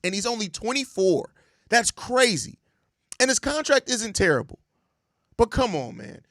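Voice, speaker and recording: A man's voice: high voice, fairly bright tone, no room sound, clean studio sound. A young man hosting a sports show, ranting in exasperated, profane casual commentary and repeating himself. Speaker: sports podcast host.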